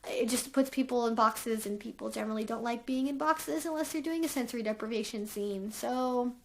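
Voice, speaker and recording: High-voiced woman vlogging frankly. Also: brisk. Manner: chatty, frank, filler-heavy. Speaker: channel host. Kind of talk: candid conversational vlog talk.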